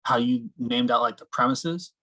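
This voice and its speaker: A man asking a question in class, halting and filling with "like". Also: mid-range voice, bright, forceful tone, low-quality recording. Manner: hesitant, many "like" fillers.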